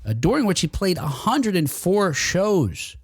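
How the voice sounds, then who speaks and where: A man with a husky voice chats loosely as a show co-host, his pitch bouncing up and down as he tells stories. He laughs often, and the sound is close and dry. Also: very animated, unhurried, no echo. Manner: chatty storyteller, laughs often. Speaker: podcast co-host. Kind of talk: casual chat.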